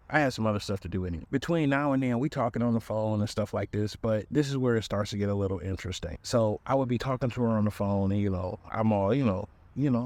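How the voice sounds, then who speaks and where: A male podcast host telling a comedic dating story in an animated way, talking right to his listeners. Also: on the low side, fast, few pauses.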